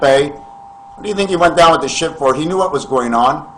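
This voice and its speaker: A man's voice: a little high, brisk, a bit bright, slight background noise, low-quality recording. A man delivering a rambling spiritual monologue to camera, preachy and full of rhetorical questions, calling his listeners friends. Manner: wandering, addresses listeners as friends. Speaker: vlogger.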